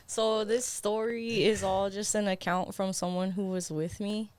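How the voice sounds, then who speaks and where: Speaking slowly with a mid-range voice and fairly even intonation, a young woman co-hosting a podcast shares a story in a studio with slight background noise. Her chat is loose and laughing, with free swearing and lots of "like."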